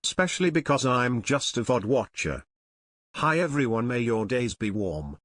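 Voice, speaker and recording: Tts voice reading chat messages, pitch jumps around, dry and close. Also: normal speed, dry recording. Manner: synthetic, flat machine reading. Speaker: text-to-speech reader of viewer messages.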